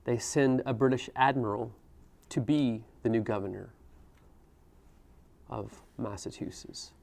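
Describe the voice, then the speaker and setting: A man's voice: medium pitch, unhurried, creaky, a little mellow. A man teaching a history class, talking conversationally and asking students questions as he goes. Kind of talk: classroom lecture.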